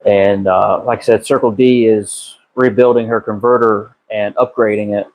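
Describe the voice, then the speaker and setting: A man's voice: fairly low pitch, moderate pace, low-quality recording. A man live-streaming from his garage on a phone, chatting casually with viewers by name and swearing freely. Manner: relaxed, drawling, swears freely, answers chat by name. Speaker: car builder live-streaming a transmission repair. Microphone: phone camera.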